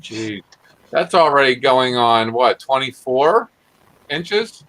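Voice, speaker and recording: A man on a video call chimes in with short, easygoing reactions. His voice is bright and sharp, and it swings up and down a lot. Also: mid-range voice, expressive, slow pace, rough recording. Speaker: show host. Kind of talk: casual chat on a video call.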